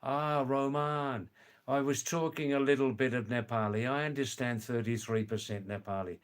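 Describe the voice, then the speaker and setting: A man, hosting a casual livestream and chatting slowly, mixing in words from other languages. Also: medium pitch, steady tone, smooth. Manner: slow, chatty, sprinkles words from several languages. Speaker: livestream host.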